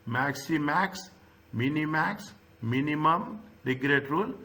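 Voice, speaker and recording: Bright-voiced male accounting tutor. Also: a little high, lively intonation, takes it slowly. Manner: repetitive, checks in with "okay?" and "is that". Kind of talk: recorded lecture.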